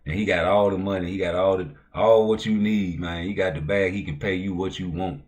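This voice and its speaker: A man hosting a livestream, talking in loose, profane, slang-heavy banter that heats up into loud outbursts. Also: low voice, fairly even intonation, fairly quick. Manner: heated, rising to loud outbursts. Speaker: livestream host. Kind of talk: casual livestream talk.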